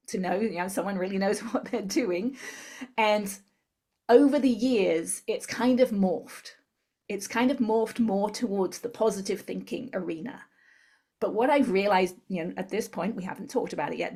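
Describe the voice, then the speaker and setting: A woman guest in an interview, calmly explaining a tapping technique step by step. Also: mid-range voice, husky. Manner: calm step-by-step instructor. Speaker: guest, tapping therapy practitioner.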